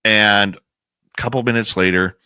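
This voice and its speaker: A man telling a suspenseful outdoor experience as a guest on a podcast, animated and pausing to build suspense. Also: fairly low pitch, clear, resonant tone, dry recording. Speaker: guest, paranormal researcher and radio host. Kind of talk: casual storytelling in a podcast interview.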